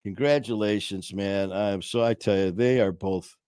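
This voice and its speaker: A man's voice: fairly low pitch, moderate pace, smooth, no room sound, clean studio sound. A man co-hosting a livestream show, telling a story in casual chat and acting out quoted lines with a lifted voice. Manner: animated, acts out quotes in a raised voice.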